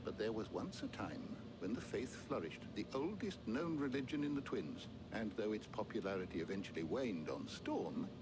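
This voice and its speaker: Old game lorekeeper: animated, learned, noisy mix. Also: male voice, lowish voice, normal speed, few pauses. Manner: lively, fussy, learned. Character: elderly eccentric male scholar lawsman.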